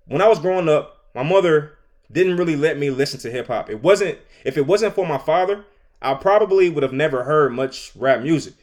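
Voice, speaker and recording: Opinionated man with a high voice. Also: fairly quick. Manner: animated, opinionated, laughs between points. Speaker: podcast host. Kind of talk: solo commentary monologue.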